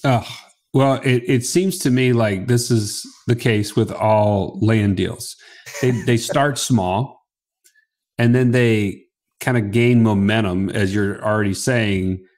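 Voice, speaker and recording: A man's voice: on the low side, takes it slowly, a little mellow. A man co-hosting a podcast, asking the guest reflective follow-up questions. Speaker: podcast co-host. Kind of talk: conversational interviewing.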